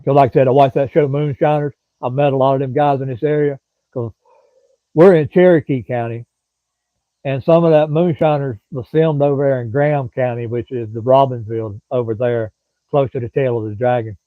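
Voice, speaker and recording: A man's voice: mid-range voice, fairly even intonation, a little fast, dry recording. A middle-aged man from Florida with a Southern accent, rambling in casual live-stream chat and answering viewers by name. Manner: rambling, folksy, drawling, chats to commenters by name. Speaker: livestream host. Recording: dry, thin phone-like sound.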